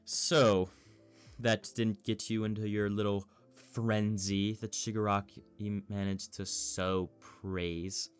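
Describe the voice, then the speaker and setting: A man voicing a smug, scheming older male villain who taunts in a calm, measured way. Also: on the low side, clean tone, soft background music. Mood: mocking.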